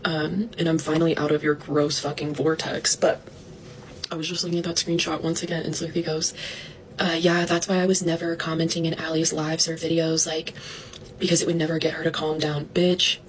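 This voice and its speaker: A young woman ranting to her followers about online drama, indignant, fast-talking and swearing, mocking others in a higher voice. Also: level tone, slight background noise, poor audio.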